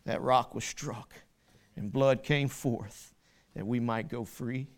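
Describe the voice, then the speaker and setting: A man's voice: mid-range voice, unhurried, creaky. A man preaching a sermon, quoting scripture with rising fervor and making small slips and corrections as he goes.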